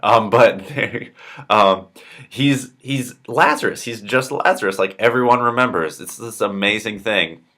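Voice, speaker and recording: Man, young adult, low-pitched, casual Bible story retelling, chatty, acts out quotes. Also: a little slow, sharp tone.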